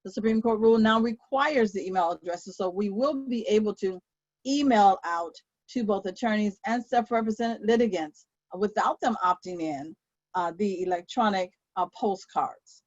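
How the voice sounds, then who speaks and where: A woman court clerk moderates a webinar over a video call, reading questions aloud and then answering them with lots of ums and uhs. Her medium-pitched voice has a darkish tone at normal speed, and the recording is dry and muffled.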